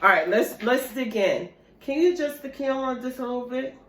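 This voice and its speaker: This mukbang vlogger speaks briskly in a high, animated, fairly bright voice. Chatting loosely in her eating vlog, she talks directly to viewers, calling them "y'all," and the room gives the recording an echoey quality.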